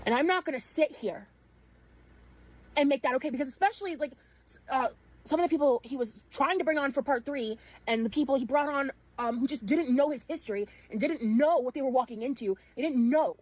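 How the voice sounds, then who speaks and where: A woman's voice: high voice, a little fast, no room sound, poor audio. A woman giving heated, blunt commentary, swearing often and leaning on fillers. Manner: blunt and profane, frequent fillers. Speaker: streamer in a clipped commentary segment.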